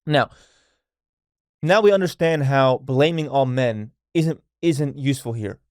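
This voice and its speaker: A man's voice: medium pitch, unhurried, no room sound, studio quality. A young man hosting a solo podcast, talking casually and bluntly with plenty of swearing. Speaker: podcast host.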